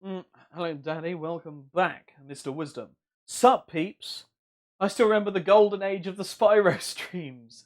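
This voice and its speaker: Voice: mid-range voice, steady tone, unhurried. A streamer chatting casually on a live repair stream, swearing freely and reading viewer messages aloud.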